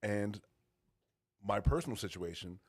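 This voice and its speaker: A man, the band's bass player, speaking in a calm, measured way during a casual podcast chat.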